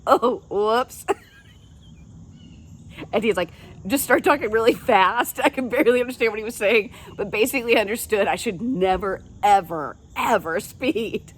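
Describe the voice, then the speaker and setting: A woman's voice: medium pitch, normal speed, long pauses, slightly rough. A middle-aged woman hosting a podcast, telling funny stories in a chatty, folksy way and laughing often. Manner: chatty, folksy address to listeners. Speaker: podcast host. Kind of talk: casual storytelling monologue.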